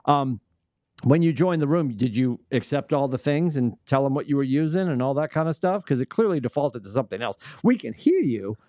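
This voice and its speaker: A man with a New England accent hosting a casual sports podcast, animated and teasing, laughing often. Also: medium pitch, fairly quick, dry recording, studio quality. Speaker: podcast host.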